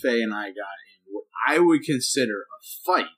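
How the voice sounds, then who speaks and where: A preacher co-hosting a relaxed podcast chat, he tells his stories with plenty of animation. When he relives a heated moment, he gets loud and emphatic. He speaks in a middle register for a man. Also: medium pitch, moderate pace, background noise. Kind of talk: casual chat.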